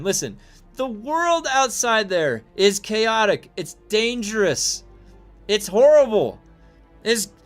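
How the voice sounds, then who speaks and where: A man streaming a game and chatting casually with viewers, animated and profane, acting out quotes in a high voice and laughing often. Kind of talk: casual live-stream chat.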